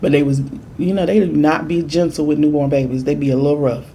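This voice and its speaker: A woman food vlogger chatting through a storytime while she eats, with emphatic repeats and lively quoted voices. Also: deep voice, quick pace, a little hiss or hum. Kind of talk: casual storytime while eating.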